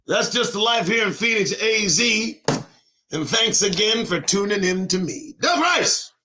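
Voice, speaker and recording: A middle-aged man hosting his own show, ranting in a rhyming monologue with sudden shouts and swearing. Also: high voice, unhurried, noisy background. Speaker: host of a daily online show.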